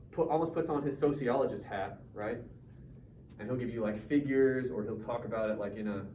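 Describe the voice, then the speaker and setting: A man's voice: mid-range voice, a little mellow. Casual male teacher in an echoey classroom. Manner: casual, joking, asks the class questions. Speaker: high school English teacher. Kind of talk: classroom discussion. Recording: roomy classroom from far off, dull, faint noise.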